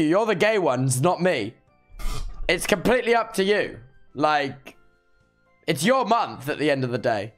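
A man's voice: fairly high pitch, very animated, unhurried, pauses often, soft background music. A sleep-deprived man streaming casually, reacting playfully and teasing his chat as he reviews unban requests. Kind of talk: casual livestream commentary.

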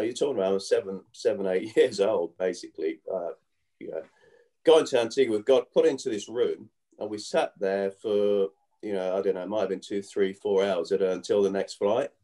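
Mellow-voiced man telling rambling stories. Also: fairly low pitch. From grew up in England. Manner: rambling, full of "you know" and restarts. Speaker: guest, former cricketer. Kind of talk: casual storytelling interview.

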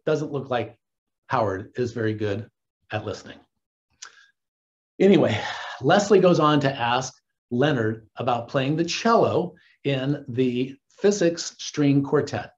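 A man working as a dating coach, giving casual, earnest advice and calling his listeners guys and gentlemen. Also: medium pitch, animated, measured pace, muffled recording.

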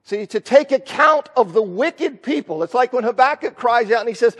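A man's voice: very high-pitched, lively intonation, normal speed, hardly any pauses, in a large hall. A man teaching a Bible class in a conversational lecture style, thinking aloud and acting out the lines he quotes. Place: church classroom.

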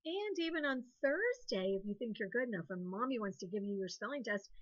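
A woman's voice: fairly high pitch, animated, fairly quick, few pauses, a bit bright, highs cut off. A woman teacher giving a recorded lesson to young children in a cheerful, encouraging way, spelling words out letter by letter. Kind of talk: recorded online classroom lesson.

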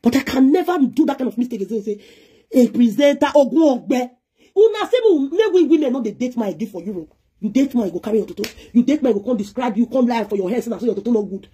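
A woman's voice: on the high side, fast, dark tone, slightly rough. A woman with a Nigerian Pidgin accent, giving a heated, scolding live-stream rant as a presenter, switching between pidgin and English.

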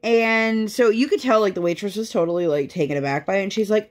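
A woman's voice: medium pitch, fast. A young woman chatting casually while she works on a craft project, telling stories with many fillers. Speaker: crafting vlogger.

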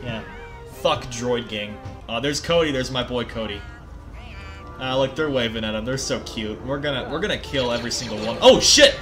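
A young man giving excitable, profane commentary over his gameplay, often yelling at the game. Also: medium pitch, normal speed. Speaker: gaming video creator. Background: game music.

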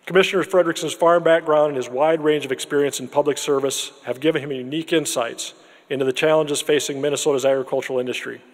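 A man hosting a university celebration, giving earnest, measured remarks with frequent restarts before introducing a guest, at a podium in a large room with an audience. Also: a little high. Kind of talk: formal event remarks and speaker introduction. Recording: long hall reverb.

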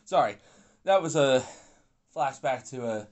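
A young man who makes gaming videos complains his way through an online pool game, rambling, grumpy, and swearing at the other players. His voice sits at medium pitch with animated intonation, delivered a little slowly.

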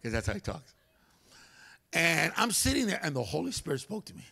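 A man preaching a humorous storytelling sermon in a church, animated and comic, acting out voices. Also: on the high side, a little fast, vocal fry, husky. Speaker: guest preacher. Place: church sanctuary.

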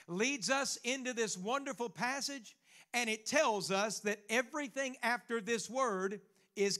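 A man's voice: high voice, pushed and bright. A man preaching a sermon as pastor, quoting scripture and building to fervent exhortation.

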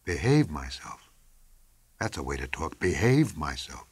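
A man's voice: a bass voice, big pitch swings, a little slow, darkish tone, breathy edge, no room sound, full character voice. A man voicing a resentful, sulking rich husband in an audiobook, speaking in a bitter, petulant way. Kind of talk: audiobook character reading.

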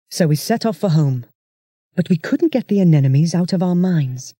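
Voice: mid-range voice, animated, normal speed, warm tone, husky, dry recording, studio quality. An audiobook narrator reading a children's story in a chatty first-person voice.

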